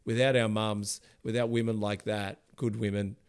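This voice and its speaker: Gravelly man hosting a podcast. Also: lowish voice, moderate pace. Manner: emotional, rambling, gets loud and animated. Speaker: podcast host. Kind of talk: casual interview chat.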